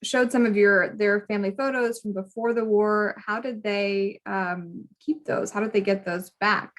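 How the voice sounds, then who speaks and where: A woman's voice: medium pitch, steady tone, moderate pace. A woman moderating a question session, politely reading out audience questions.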